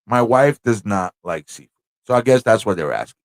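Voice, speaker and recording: New York man telling a lively story. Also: lowish voice, fairly quick, dry recording. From Corona, Queens, New York. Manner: animated, acts out quoted voices, laughs often. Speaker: livestream host. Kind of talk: casual storytelling.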